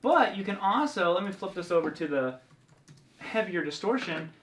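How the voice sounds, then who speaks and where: A man's voice: sits high, lively intonation, moderate pace, fairly bright tone. Southern man, guitar teacher, casual rambling delivery with fillers. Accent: Southern American. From American South. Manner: chatty, loose, full of fillers and restarts. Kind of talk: casual guitar lesson vlog.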